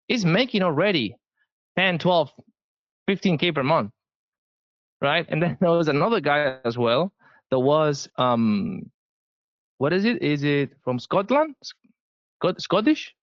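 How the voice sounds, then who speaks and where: A man with a Spanish accent speaks in an emphatic, restarting way, pitched somewhat high. The sound is dry and close, with no room around him. The audio is a little dull and lo-fi. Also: dry recording. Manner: emphatic, repeats words when restarting. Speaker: sales guest. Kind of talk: casual interview.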